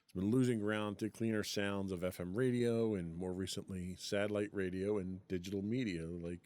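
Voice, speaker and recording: A man's voice: fairly low pitch, steady tone, moderate pace, darkish tone. A man co-hosting a casual podcast chat, reading from an article and laughing often. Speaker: podcast co-host.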